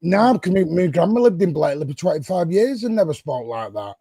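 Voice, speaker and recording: A man from Manchester with a Manchester accent, hosting a casual football chat and bantering, quick to disagree. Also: high voice, very animated, dark tone, slightly rough. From Manchester, England. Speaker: host.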